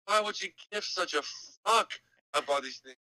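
Profane ranting man, sharp bright voice. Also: high voice, expressive, normal speed, no echo. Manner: profane, heated, sarcastic ranting. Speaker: podcast co-host. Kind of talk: casual podcast rant. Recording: dry, distant mic.

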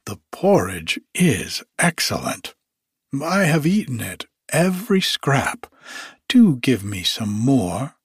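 A man's voice: mid-range voice, very animated, slow pace, breathy edge, dry recording, studio quality, heavily acted. A man voicing a cunning, cheeky young male thief with a breezy manner. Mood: pleased.

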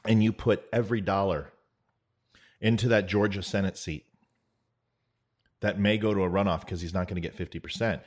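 A man's voice: deep voice, steady tone. A middle-aged man talking straight to the listener in an earnest, conversational political monologue. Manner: earnest, conversational, with quick impressions. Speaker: political commentator. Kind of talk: direct-address monologue.

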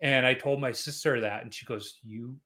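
A middle-aged man hosts a casual podcast interview with a bright, clear-edged voice. He tells family stories easily, slipping into lively quoted voices. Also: mid-range voice, brisk. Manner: storytelling, animated quoting of family. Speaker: podcast host.

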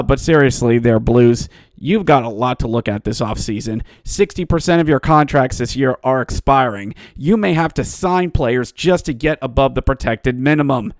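A man's voice: mid-range voice, no room sound, clean studio sound. A man hosting a solo sports podcast, mocking and ranting, rising into exasperated outbursts. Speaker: podcast host. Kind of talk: sarcastic solo sports commentary.

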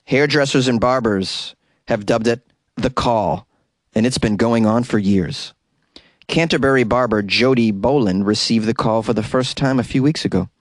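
A man's voice: mid-range voice, normal speed, no echo. A man hosting a podcast, casually reading odd news stories and stumbling over hard words. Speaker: podcast host.

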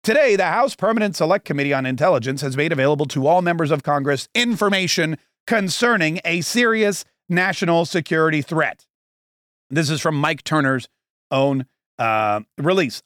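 A man's voice: a little high, expressive, moderate pace, fairly bright tone, dry recording, clean studio sound. A man in his forties hosting a podcast, giving casual political commentary in a sarcastic, rambling way with mocking asides. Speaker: podcast host.

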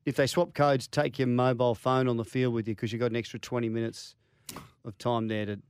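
A man's voice: medium pitch, little pitch movement, brisk, clear, resonant tone, dry recording. A man with an Australian accent co-hosting a sports radio show, chatty and rambling, often restarting his sentences. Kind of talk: casual sports radio banter. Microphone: studio microphone.

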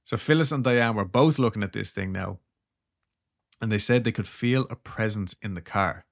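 A man's voice: on the low side, moderate pace, gravelly. A man co-hosting a podcast, casually retelling a story with jokes and laughter. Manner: joking, laid-back, trails into laughs. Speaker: podcast co-host.

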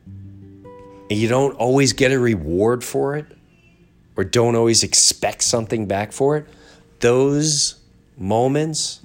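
A man's voice: mid-range voice, slow, long pauses, soft background music. A middle-aged man hosting a podcast, talking in a casual monologue with a congested, stuffy nose, earnest and reflective, often trailing off and restarting. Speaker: podcast host.

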